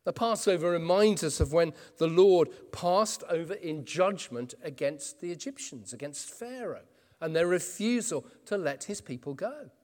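A man's voice: on the high side, expressive, normal speed, a little mellow. A man preaching an earnest expository sermon. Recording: long reverb in a church hall.

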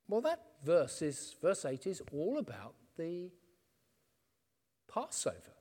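A man's voice: sits high, very animated, normal speed, darkish tone. A man preaching an earnest expository sermon. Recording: long reverb in a church hall.

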